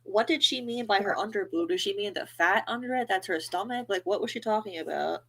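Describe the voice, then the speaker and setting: Gravelly-voiced woman hosting mocking commentary. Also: mid-range voice, fairly quick. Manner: mocking, animated, fillers like "like". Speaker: stream host. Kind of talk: casual gossip commentary.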